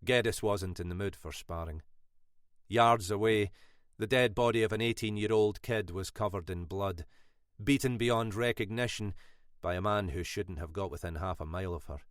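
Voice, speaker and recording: A man reading a thriller audiobook in a measured, expressive way. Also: on the low side, dry recording, clean studio sound. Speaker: audiobook narrator. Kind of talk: scripted narration.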